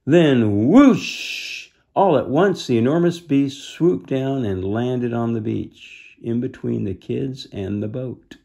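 A man reading a children's book aloud, pausing to explain the story gently to young listeners. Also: mid-range voice, vocal fry. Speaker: storybook reader.

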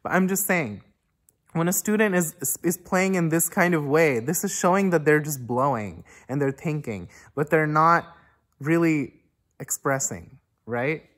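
A woman's voice: low voice, animated, a little slow. A woman teaching music in a casual, rambling way, reflecting aloud and humming phrases on syllables to show how they should flow. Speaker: oboe teacher. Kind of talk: casual spoken music lesson.

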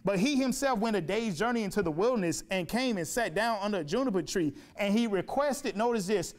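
A man's voice: sits high, animated, fairly quick. A man preaching a sermon in a church, emphatic, repeating phrases and asking rhetorical questions. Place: church sanctuary.

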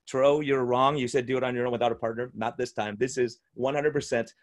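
A man's voice: mid-range voice, fairly even intonation, fast talker. A male physician and podcast host in casual conversation at home, enthusiastic and rambling, often restarting his sentences. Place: room at home.

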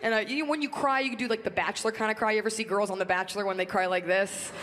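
A young woman from Southern California doing a stand-up comedy set on a club stage, brash and deadpan, acting out shrill squealing quarrels. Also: fast. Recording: big hall reverb with audience noise.

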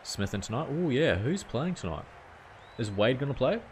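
A man's voice: mid-range voice, very animated, moderate pace, a little hiss or hum. A young man chatting casually to viewers on a live game stream, easygoing and full of questions. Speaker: gaming streamer.

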